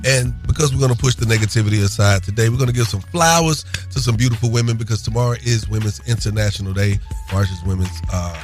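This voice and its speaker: A man's voice: lowish voice, fast talker, hardly any pauses, faint music behind. A man hosting a morning radio show, talking loose and slangy and hyping the show between jokes.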